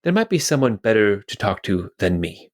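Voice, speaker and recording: A man's voice: on the low side, big pitch swings, normal speed. A man voicing a polite, flustered male guard at a manor gate who stammers in a tabletop game.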